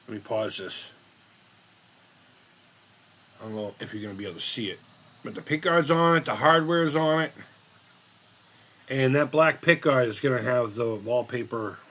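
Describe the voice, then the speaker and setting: A man's voice: mid-range voice, animated, normal speed, a bit bright. A man in his fifties hosting a casual live-stream chat, rambling, blunt and profane as he reads the chat. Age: 50s.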